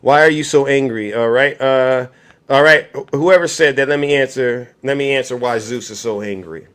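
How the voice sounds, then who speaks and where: A man's voice: medium pitch, normal speed, a bit bright, smooth. A man hosting a livestream, giving heated political commentary and answering his chat directly in an angry tone. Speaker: livestream host.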